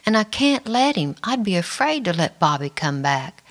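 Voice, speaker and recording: A middle-aged woman narrating her own life story in the first person, quiet and reflective. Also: on the low side, sing-song, moderate pace. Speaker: memoir narrator. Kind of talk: first-person memoir reading.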